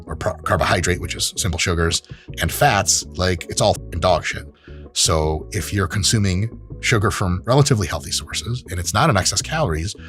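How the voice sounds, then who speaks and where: A man's voice: low-pitched, fairly bright tone. A man who is a sport science professor, commenting brashly and with profanity in a video review.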